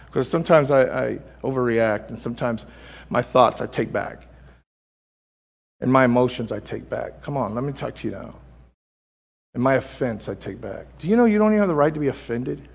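A man preaching a sermon in a conversational style, calling for amens and swinging from loud peaks to low asides. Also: lively intonation, normal speed, gravelly, husky. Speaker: pastor. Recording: long hall reverb.

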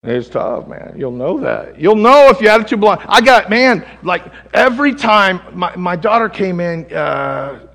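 A man preaching a sermon in a conversational style, calling for amens and swinging from loud peaks to low asides. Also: big pitch swings, moderate pace, vocal fry. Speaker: pastor. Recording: long hall reverb.

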